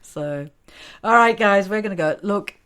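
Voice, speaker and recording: A woman's voice: mid-range voice, a little slow, fairly bright tone. A chatty woman co-hosting a podcast, laughing easily and talking over her co-host in casual chat.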